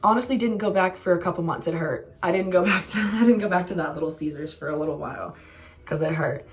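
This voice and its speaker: A woman's voice: lowish voice, fast, soft background music. A young woman telling a casual storytime vlog, candid and self-mocking, swearing freely. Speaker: vlogger.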